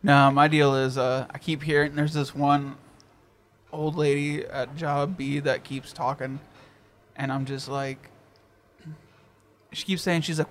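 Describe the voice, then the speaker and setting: Male co-host, a touch higher pitched, profane ranting style. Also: little pitch movement, unhurried. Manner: ranting, profane, drops to low mutters. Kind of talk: casual podcast banter.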